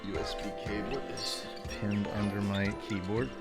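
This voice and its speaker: A man's voice: lowish voice, flat delivery, normal speed, hardly any pauses. A man streaming a video game live, chatting casually and thanking his viewers as he plays at home on a desk mic. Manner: chatty, reads and thanks chat. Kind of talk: casual live-stream chat while gaming. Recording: game music playing underneath. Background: game music.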